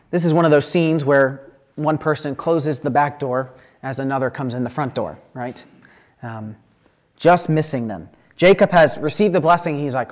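Slightly high-voiced man teaching scripture. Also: moderate pace. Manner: conversational, often checks in with "right?". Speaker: Bible teacher. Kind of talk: scripture reading and teaching commentary.

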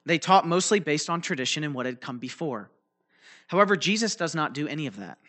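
A man with a slightly high, bright voice, forceful and animated, speaks a little fast as he preaches a teaching sermon. He loosely explains a Bible passage with fillers and restarts, checking in along the way with frequent "right?" and "okay?"

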